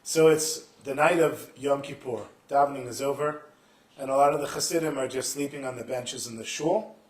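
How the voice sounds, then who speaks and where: A man telling Hasidic stories to a live festival audience, acting out the characters with sudden shouted lines. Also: mid-range voice, moderate pace, roomy sound. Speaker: storyteller.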